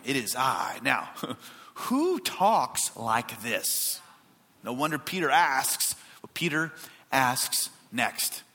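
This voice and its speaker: A male pastor delivering a sermon to his church, swinging from loud emphatic lines to hushed, quiet asides. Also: slow, in a large hall. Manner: animated preaching with wide pitch swings and hushed asides.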